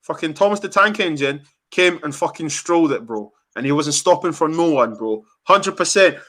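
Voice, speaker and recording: Speaking at normal speed with a slightly high voice, a young man runs a football fan reaction show. The chat gets heated, and he vents in an angry, animated rant full of swearing.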